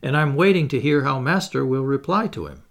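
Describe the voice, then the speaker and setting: A deferential manservant, polite and dry, never raising a fuss, as a man puts him on while reading aloud. His voice is gravelly and bends up and down. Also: mid-range voice, animated, brisk, voice pushed up.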